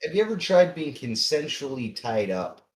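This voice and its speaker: A man's voice: mid-range voice, sing-song, normal speed, close to an everyday voice. A man voicing a tired, wary adventurer who talks casually, swears and jokes dryly. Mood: wry. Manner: casual, swearing, dry humor. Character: wary, wry male adventurer, tired and grumpy.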